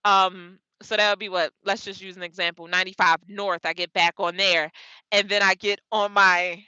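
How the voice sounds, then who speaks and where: A young woman telling a road story in a casual vlog, animated and laughing as she retells it. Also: mid-range voice, normal speed, clean tone, no room sound, highs cut off. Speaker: vlogger, truck driver.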